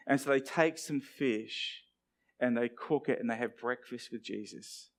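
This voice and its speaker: A man's voice: medium pitch, gravelly. A middle-aged man, preaching a sermon and acting out the lines he quotes. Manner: animated, acts out quoted dialogue. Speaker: pastor.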